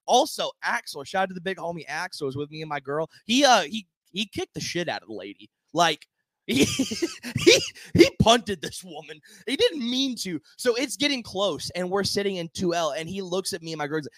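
Animated laughing male podcast co-host. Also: high-pitched, a little fast, no room sound. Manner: animated storyteller, laughs often, acts out quotes. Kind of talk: casual sports podcast chat.

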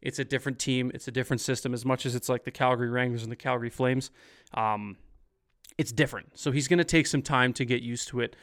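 A man's voice: medium pitch, fairly even intonation, quick pace, fairly bright tone. Chatty male stream host. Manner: upbeat, chatty, reads out viewer comments. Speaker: podcast host. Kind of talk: casual post-game sports chat.

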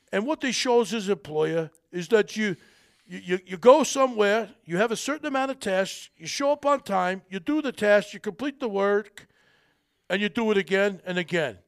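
A man putting on an impression of a gruff middle-aged gangster boss who lectures about college degrees. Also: sits high, animated, normal speed, voice pushed up. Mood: lecturing.

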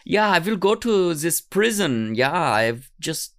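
A man's voice: on the high side, sing-song, slow pace, a bit bright, voice pushed up, full character voice. A fickle young drifter with a mock German accent , as a man puts him on, speaks in a voice raised above the man's own. He sounds restless and ready to quit anything. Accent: put-on German.

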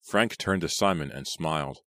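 A man narrating a horror audiobook in a steady, measured reading style. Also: extremely low pitch, no echo.

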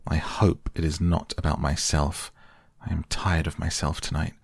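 Petulant, airy young gentleman read by a man: very deep and creaky, with a light, careless lilt. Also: flat delivery, normal speed, no echo, clean studio sound, exaggerated voice. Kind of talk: soft bedtime audiobook reading.

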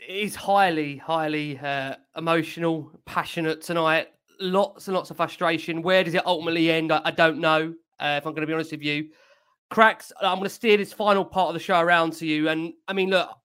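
A man's voice: fairly high pitch, brisk, fairly bright tone. A man hosting a fan podcast, steering the talk to guests and reviewing the match. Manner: conversational, steering, slightly hesitant. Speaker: podcast host.

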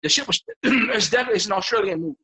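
High-voiced man ranting on a podcast. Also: rapid-fire, low-quality recording. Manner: profane, excitable, stammering restarts. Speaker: podcast guest. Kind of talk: casual podcast chat.

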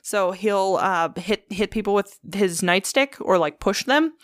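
A young woman hosts a podcast, telling ghost stories in a relaxed, chatty, unhurried way at an ordinary middle pitch. Her speech is loose, packed with swearing and filler words. The sound is dry and clean, studio quality.

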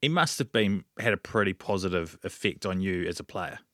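A male podcast co-host with a fairly low voice puts short, plain questions to his guest. His voice sits close and dry on the mic. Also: lively intonation, brisk, a bit bright, dry recording. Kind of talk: casual podcast interviewing.

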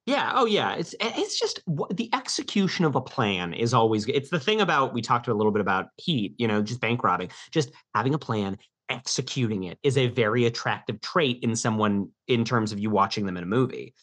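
Man co-host, mid-range voice, relaxed and rambling. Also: medium pitch, fairly quick, hardly any pauses. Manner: easygoing, rambling, casual swearing. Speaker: podcast co-host. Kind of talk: casual film discussion.

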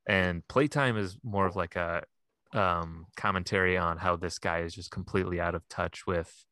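A man with a very deep, low voice talks loosely on a podcast, trailing off into fillers and breaking into laughs. The sound is close and dry, with no room around it. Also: steady tone, moderate pace, pushed and bright, dry recording. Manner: laughing often, rambling with fillers. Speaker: podcast co-host. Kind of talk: casual chat.

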